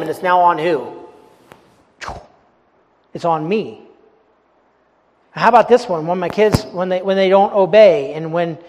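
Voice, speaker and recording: A man in his forties preaching a sermon, asking rhetorical questions, repeating phrases and swinging from loud to soft. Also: high-pitched. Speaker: pastor. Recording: long hall reverb.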